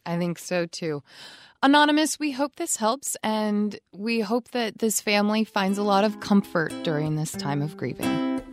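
A woman's voice: mid-range voice, lively intonation, normal speed, over music. A woman co-hosting an etiquette advice podcast, chatting casually, laughing often and saying "like" a lot. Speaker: podcast co-host.

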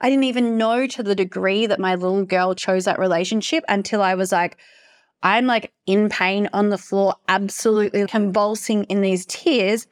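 An impassioned woman hosts a solo podcast, pressing her points with emphatic repetition and free swearing. Her voice sits at an ordinary middle pitch. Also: steady tone, normal speed. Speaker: podcast host.

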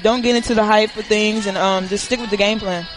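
Soft-spoken young woman athlete. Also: medium pitch, fairly even intonation, a little fast, music in the background, poor audio. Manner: soft-spoken, hesitant, many ums. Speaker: college basketball player. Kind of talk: post-game interview.

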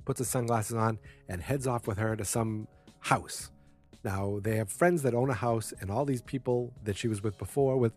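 Lowish-voiced man casually recapping. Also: a little mellow. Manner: rambling, many fillers and restarts; acts out character lines with small voice shifts. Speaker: TV episode recapper.

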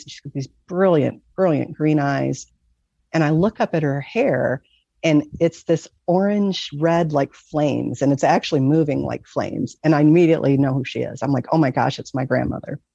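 A middle-aged woman from Michigan, USA, tells how she nearly died, speaking as a guest in a deep, dark voice with vocal fry. She is earnest and rambling, full of fillers, and the recording is muffled but has no echo.

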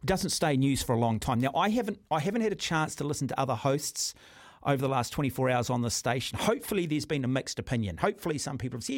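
Blunt New Zealand talk radio host. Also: male voice, mid-range voice, expressive, fast, no echo, clean studio sound. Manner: blunt, combative, keeps saying "mate". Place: radio studio.

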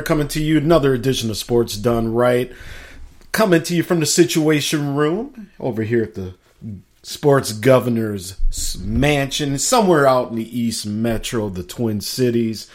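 Slow-talking, laid-back male sports host. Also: mid-range voice. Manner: laid-back and chatty, laughs easily, leans on "man". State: slightly scratchy throat. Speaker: sports talk show host. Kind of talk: casual sports talk monologue. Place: home studio.

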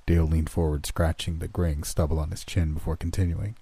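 A man narrates a horror story in a measured, somber way. His voice sits very low, dark and husky, and the recording is dry and close. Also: flat delivery, no room sound.

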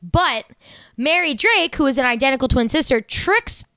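A woman co-hosting a podcast, chatting casually and excitedly about a TV show, rambling and swearing freely. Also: high-pitched, fairly quick, dry recording. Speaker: podcast co-host. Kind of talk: casual chat recapping a TV show.

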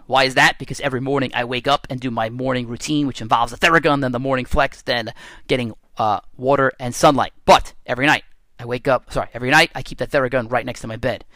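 A man hosting his own fitness podcast, telling stories in a casual, animated way and laughing at himself now and then. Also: medium pitch, no echo. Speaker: podcast host and strength coach. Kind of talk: casual solo podcast monologue.

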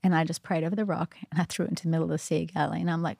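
A woman's voice: deep voice, flat delivery, very fast, vocal fry, a little mellow, husky, dry recording, clean studio sound. A woman telling a personal faith story in casual conversation, chatty and earnest, full of "like" and "you know". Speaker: guest.

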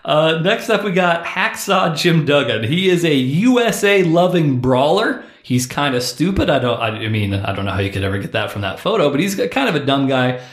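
A man's voice: a little high, big pitch swings, a little fast, hardly any pauses, roomy sound. A man hosting a casual podcast chat, explaining things to a friend and laughing often. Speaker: podcast host.

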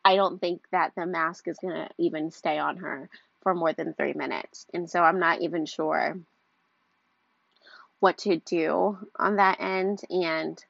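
A woman's voice: lowish voice, fairly even intonation, a little slow, gravelly, a bit bright, no room sound, lo-fi sound. A young woman talking casually to camera as a mom vlogger, rambling with lots of fillers and a stuffy nose.

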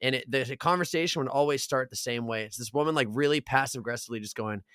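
A man's voice: medium pitch, rapid-fire, fairly bright tone, clear, resonant tone, no room sound, clean studio sound. Casual swearing young man telling stories. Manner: swears a lot, laughing storyteller, acts out quotes. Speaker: podcast co-host. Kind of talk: casual chat.

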